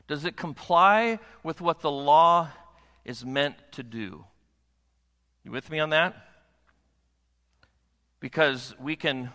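A man's voice: mid-range voice, pushed and bright. A pastor preaching a sermon to his congregation, often asking them rhetorical questions. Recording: long hall reverb.

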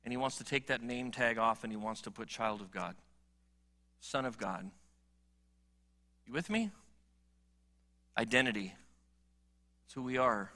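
Bright-voiced man preaching a sermon. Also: animated, unhurried, long pauses. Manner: earnest, rising to emphatic appeals then dropping low. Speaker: pastor.

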